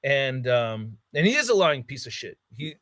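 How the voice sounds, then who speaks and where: With a medium pitch, big swings in intonation and a normal pace, this man's fairly bright voice comes through in studio quality with no room sound. The podcast co-host relates a heated story casually, swearing constantly and acting out people's words.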